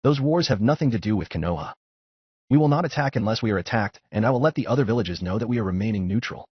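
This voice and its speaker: A man's voice: lowish voice, animated, fast talker, breathy edge, dry recording. A man voicing an angry, hot-headed young male ninja who curses and accuses, on a dull lo-fi recording. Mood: firm. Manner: furious, cursing, accusing.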